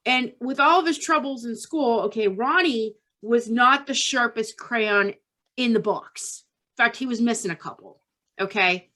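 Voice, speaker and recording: A woman's voice: a little high, measured pace, pushed and bright. A woman hosting a podcast, telling a true-crime story casually and tagging her lines with "okay?". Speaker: podcast host.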